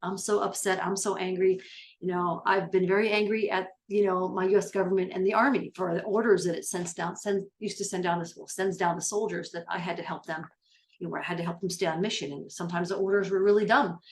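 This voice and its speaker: Upbeat rambling woman life coach. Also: lowish voice. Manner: upbeat, rambling with fillers and restarts. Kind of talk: casual motivational talk to camera.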